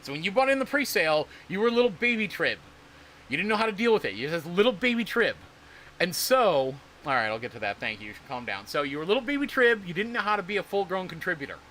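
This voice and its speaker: Bright-voiced, exasperated rambling man. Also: high-pitched, big pitch swings, quick pace, slight background noise. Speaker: crypto streamer. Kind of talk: casual livestream talk.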